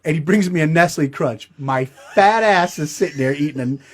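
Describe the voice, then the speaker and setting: Middle-aged male host, slightly high voice, crude self-mocking comic storyteller. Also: moderate pace, slight background noise. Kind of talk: comedic storytelling.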